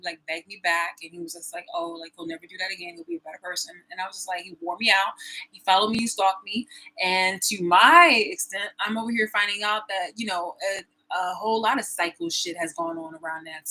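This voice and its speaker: A woman's voice: medium pitch, pushed and bright, rough recording. A woman in her thirties delivering a profane, confrontational personal rant to the camera, repeating herself as she goes. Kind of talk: angry personal vlog rant.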